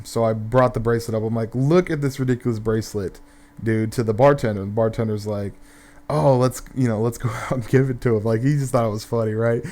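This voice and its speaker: A man's voice: medium pitch, darkish tone. A young man telling a rambling, profane story in casual gameplay commentary, full of fillers and restarts.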